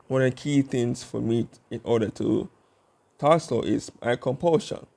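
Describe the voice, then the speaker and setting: A young man hosting his own channel, talking through a casual vlog monologue in a deliberate, rambling way with lots of fillers. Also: medium pitch, creaky, warm tone. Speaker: YouTube channel host.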